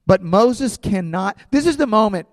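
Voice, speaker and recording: A man's voice: sits high, lively intonation, normal speed, no room sound, studio quality, long reverb tail. A pastor preaching an impassioned sermon, often asking his listeners questions.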